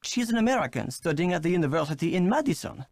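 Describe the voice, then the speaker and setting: A flirtatious French ski instructor in a mystery video game, his French accent suave and teasing. His voice swoops widely in pitch, recorded close and dry. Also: big pitch swings, fast, no echo.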